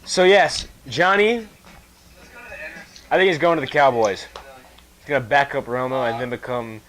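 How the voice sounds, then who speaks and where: A man's voice: medium pitch, normal speed, fairly bright tone. A young man with a mid-range voice, chatting as a co-host. He talks with easy enthusiasm and likes to tease his friends. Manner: enthusiastic, teasing. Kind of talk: casual chat.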